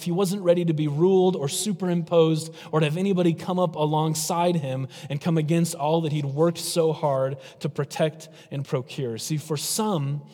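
Slightly high-voiced male preacher in a reverberant hall. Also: a little mellow. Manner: emphatic preaching, varies pace for effect. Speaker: pastor. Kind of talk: sermon.

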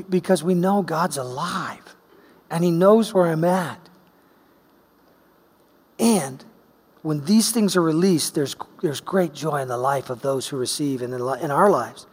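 Middle-aged male preacher, high voice, animated storyteller, long hall reverb. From Oregon, US. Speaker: pastor. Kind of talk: sermon with personal story.

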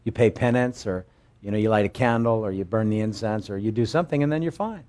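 A man preaching a verse-by-verse Bible sermon, conversational with frequent restarts, animated as he acts out quoted scripture. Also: fairly low pitch, fast talker. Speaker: pastor.

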